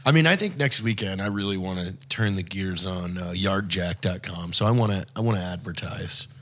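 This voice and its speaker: A man's voice: low voice, moderate pace, a bit bright. A man co-hosting a podcast in casual, dry, joking chat. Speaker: podcast co-host.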